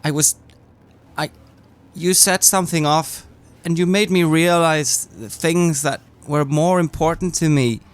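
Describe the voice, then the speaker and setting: A man playing a tabletop game in character, speaking in halting, earnest, stammering phrases. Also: fairly high pitch, clear, resonant tone. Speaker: player.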